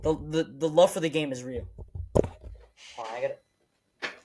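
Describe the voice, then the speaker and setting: A man's voice: fairly high pitch, moderate pace, background noise. A man co-hosting a casual sports podcast, emotional and rambling, often repeating himself. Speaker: podcast co-host.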